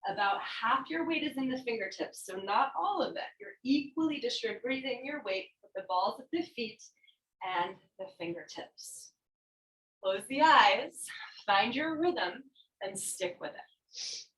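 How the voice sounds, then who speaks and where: A woman's voice: on the high side, animated, unhurried, a bit bright. A woman teaching a yoga class, cueing breaths and poses while she demonstrates them, a little out of breath. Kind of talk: guided yoga class instruction. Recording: roomy, mic at a distance.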